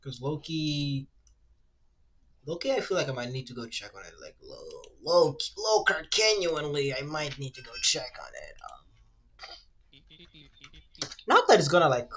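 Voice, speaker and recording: A man streaming casually while he draws, rambling and ranting, swearing freely and reading web answers aloud in a quick mumble. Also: wildly swooping pitch, sharp tone, a little hiss or hum. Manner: rambling, ranty, swears freely, fillers like "low-key" and "like"; reads web search results aloud in a rushed mumble. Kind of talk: casual livestream chat while drawing.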